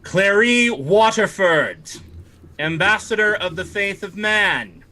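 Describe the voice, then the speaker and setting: A man's voice: sits high, slow pace, bright, forceful tone, voice pushed up, full character voice. A man voicing a stern, imperious male elven lord who barks orders with contempt. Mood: commanding.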